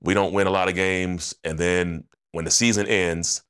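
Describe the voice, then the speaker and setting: A deep, low-voiced man in his fifties tells his story as a podcast guest. He is animated and slangy, and laughs often as he goes. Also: moderate pace, smooth. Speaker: guest, former football player.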